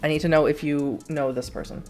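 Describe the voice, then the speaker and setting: A woman acting as storyteller for a tabletop horror game, narrating scenes and calling for dice rolls, chatty and quick to laugh. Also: low voice, fairly even intonation, mellow, faint music behind. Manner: laughs often, chatty, easily amused.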